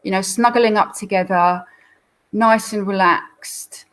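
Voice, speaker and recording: A woman's voice: mid-range voice, steady tone, slow, a bit bright, low-quality recording. A woman hosting a live Q&A, talking through viewer photos in a chatty, explanatory way with frequent fillers. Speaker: dog behaviourist host.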